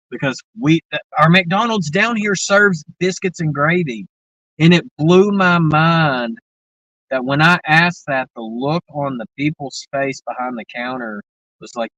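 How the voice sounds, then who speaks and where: Southern guy rambling on a stream, kinda high voice, lots of um and you know, muffled lo-fi mic. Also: sharp tone, no room sound. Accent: Southern American. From American South. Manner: rambling, drawling, with many fillers. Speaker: livestream host chatting with viewers. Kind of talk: casual chat.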